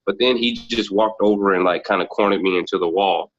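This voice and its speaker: A man with a fairly low voice speaks as a podcast guest, recalling personal moments in a thoughtful, reflective way. He slips into the voices of the people he quotes. The recording sounds dull and lo-fi. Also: brisk. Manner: thoughtful, acts out quoted dialogue.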